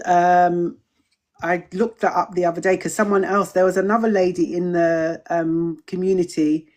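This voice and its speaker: With a fairly low-pitched voice, a middle-aged woman hosts a community drop-in over a livestream. She chats casually, greets viewers and answers their questions, often repeating phrases.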